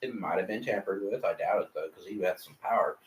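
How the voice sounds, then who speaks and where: This young man co-hosts a podcast, speaking in a deep voice at a quick clip. The chat is laid-back and casual, and he swears freely and keeps restarting sentences. The mic sits at a distance in an echoey room.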